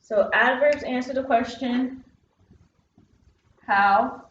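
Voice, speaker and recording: A woman teacher talks slowly and patiently through a phonics lesson, pausing with the odd filler while she works at a whiteboard. Her voice sits a little high. The sound is dull and lo-fi with a roomy echo. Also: slight background noise. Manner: patient, explains step by step with filler words.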